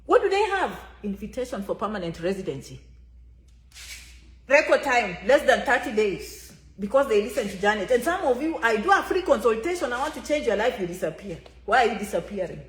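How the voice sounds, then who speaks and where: A woman's voice: on the high side, sing-song, brisk, roomy sound. A woman giving an emphatic, repetitive motivational talk to her viewers as an immigration consultant, often referring to herself by name.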